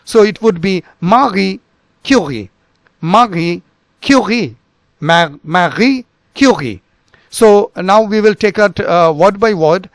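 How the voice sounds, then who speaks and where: A man hosting a physics channel, teaching pronunciation slowly with many pauses, fillers and repeated words. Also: sits high, no echo, clean studio sound. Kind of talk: pronunciation lesson.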